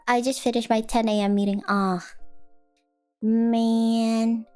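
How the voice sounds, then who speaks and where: A woman streamer with a high voice, chatting in a slow, drowsy drawl. She rambles playfully to her viewers and slips into goofy sing-song noises. Soft music plays faintly behind her. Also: steady tone, vocal fry. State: sleepy. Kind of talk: casual live-stream chat.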